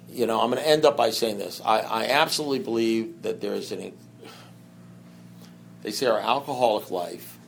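A man speaking to a recovery meeting in a rambling, conversational way, full of "you know" asides, swinging between loud bursts and quiet low stretches and acting out dialogue. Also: creaky, slight background noise. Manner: acts out dialogue in anecdotes. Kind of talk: personal recovery talk to an audience.

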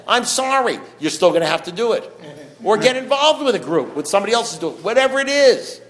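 A middle-aged man giving a blunt, preachy talk at a recovery meeting, swinging from loud urging to low, quiet passages. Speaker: AA speaker.

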